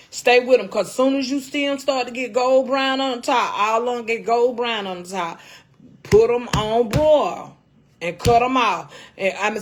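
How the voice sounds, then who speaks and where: A middle-aged woman hosting a casual cooking livestream, folksy and salty, calling her viewers baby and honey. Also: on the high side.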